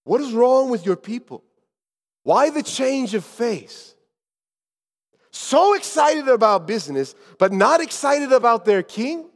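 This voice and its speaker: A man doing an outspoken traveling sage who proclaims at full voice and high in pitch, with his words ringing out through a large echoey hall. He sounds bold and insistent. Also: sing-song, slow pace, heavily acted. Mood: indignant. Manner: loud, proclaiming.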